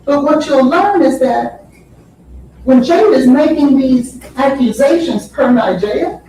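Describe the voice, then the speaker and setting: High, slow woman lawyer in an echoey courtroom. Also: expressive, mellow, a little hiss or hum. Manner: deliberate, emphatic, repeats phrases for effect. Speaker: defense attorney. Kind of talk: courtroom opening statement. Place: large courtroom. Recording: very echoey courtroom audio from far off.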